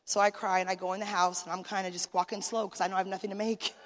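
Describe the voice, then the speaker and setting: A woman's voice: medium pitch, flat delivery, racing. A woman giving an emotional sermon testimony as a minister's wife, talking straight to the listeners. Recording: long hall reverb.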